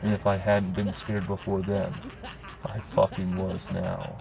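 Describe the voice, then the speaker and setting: A man narrating a horror story in a grim, steady storytelling manner. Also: sits low, unhurried, vocal fry, poor audio.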